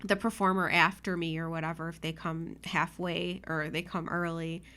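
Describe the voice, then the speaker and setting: A woman's voice: deep voice, flat delivery, moderate pace, bright, forceful tone, clean tone. A young woman co-hosting a casual podcast chat, emotional and teary, often laughing. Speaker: podcast co-host.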